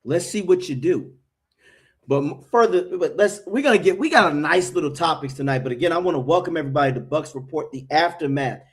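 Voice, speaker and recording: An American man hosting a fan sports talk show, brash, hyped and profane. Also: on the high side. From United States. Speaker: show host.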